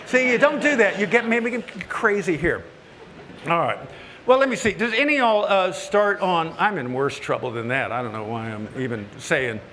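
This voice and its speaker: A man tells folksy, joking stories to a live audience, his voice high and bright. He gets more animated as he warms up, and a faint hall ambience sits behind him. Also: slight background noise. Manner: folksy, animated, joking, often rising high when worked up. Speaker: woodworking TV host giving a stage talk. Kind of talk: humorous storytelling to a live audience. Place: large hall at a woodworking event. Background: audience laughter.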